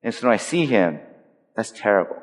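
A pastor preaching a sermon to his church, animated and dramatic, swinging between loud exclamations and slow, quiet lines. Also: lowish voice. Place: church sanctuary. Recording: long reverb of a large hall.

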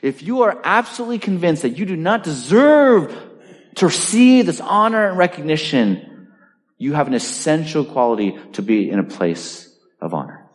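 A man's voice: a little high, sing-song, normal speed. A middle-aged man preaching a sermon as pastor, emphatic and full of rhetorical questions. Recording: reverberant hall.

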